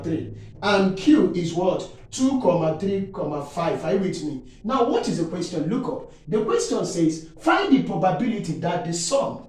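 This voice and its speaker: A male maths teacher with a fairly high voice, walking through an exam problem. He leaves sentences hanging on "what?" and keeps checking in with his students. He is recorded from some way off the mic in a very echoey room. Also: a little mellow, distant mic. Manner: leaves questions hanging with "what?" for the class to answer, checks in repeatedly. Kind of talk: exam-prep lesson explanation.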